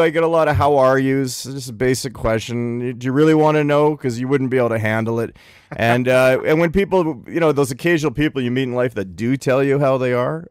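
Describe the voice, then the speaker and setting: A Canadian musician who rants regularly delivers a comedic rant in a clean, mid-range voice, recorded in a clean studio with no echo. He sounds exasperated and breaks into chuckles between complaints.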